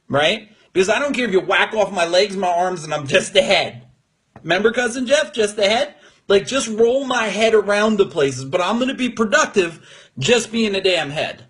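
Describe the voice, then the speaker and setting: A man's voice: high-pitched, lively intonation, normal speed, fairly bright tone, breathy edge. A man giving an unscripted motivational talk to viewers on a live stream, blunt and profane, mocking people who whine. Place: room with neighbors next door.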